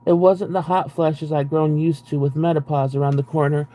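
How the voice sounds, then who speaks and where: A man's voice: a little high, flat delivery, normal speed, few pauses, warm tone. A young man on a live stream reading a book aloud and breaking off into profane, exasperated, sarcastic commentary. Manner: profane, exasperated, sarcastic asides between read passages.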